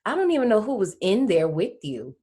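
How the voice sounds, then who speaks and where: A woman's voice: mid-range voice, fairly quick. A woman co-hosting a podcast, telling stories in slangy casual chat and acting out the quotes. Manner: animated storytelling, slangy, acts out quotes. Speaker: podcast co-host.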